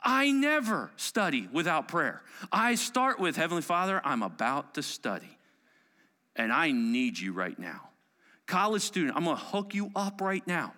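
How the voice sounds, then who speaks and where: Animated, bright-voiced preacher man. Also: a little high, a little slow. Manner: emphatic preaching, swinging from loud declarations to hushed whispers. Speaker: pastor. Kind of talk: sermon.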